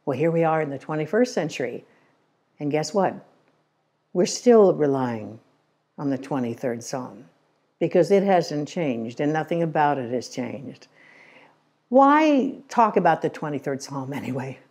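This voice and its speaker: Older woman, low mellow storytelling voice. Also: big pitch swings, measured pace. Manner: conversational storytelling with gentle humor. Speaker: Christian Science lecturer. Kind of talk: inspirational talk. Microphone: remote recording.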